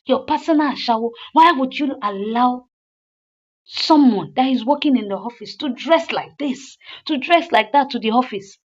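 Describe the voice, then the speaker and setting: Furious betrayed wife, shrill and scolding, put on by a woman; dull lo-fi recording. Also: very animated, a little slow. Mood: scornful. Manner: shrill scolding, high and loud. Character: furious betrayed wife confronting her cheating husband.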